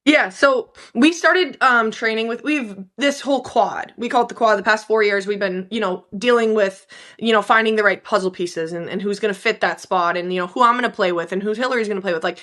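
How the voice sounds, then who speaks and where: A young woman, an Olympic hockey player, chatting in an interview and telling animated stories with quoted lines and frequent laughs. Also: medium pitch, fairly quick. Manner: animated storyteller, laughs often, acts out quotes. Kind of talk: casual interview chat.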